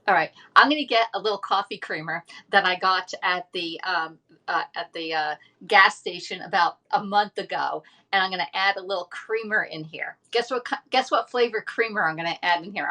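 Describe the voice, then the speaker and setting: A woman's voice: mid-range voice, a little fast, sharp tone. A woman, chatting casually on a livestream from home and rambling through a story with lots of fillers. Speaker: livestream host.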